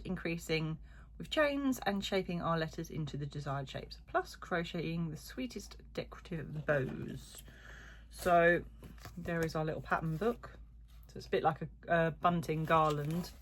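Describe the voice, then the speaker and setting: A middle-aged woman rambles cheerfully through a yarn haul for her crochet channel, full of ums and side comments. Her voice sits a little low for a woman. A faint hiss runs under the recording. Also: fairly bright tone. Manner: chatty, lots of ums and asides. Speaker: crochet vlogger. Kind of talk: casual chat while unboxing.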